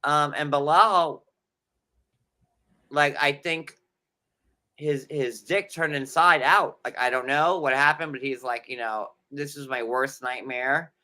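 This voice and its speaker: A man with a New York accent recaps a show in loose, rambling chat, full of fillers and jokey asides. His voice sits a little high and has a bright, forceful edge. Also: slow, long pauses. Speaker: podcast co-host.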